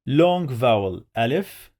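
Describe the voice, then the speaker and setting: A man's voice: mid-range voice, sing-song, takes it slowly, a little mellow, dry recording, studio quality. A man teaching Quran reading to beginners, patiently sounding out and repeating each syllable. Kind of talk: step-by-step reading lesson.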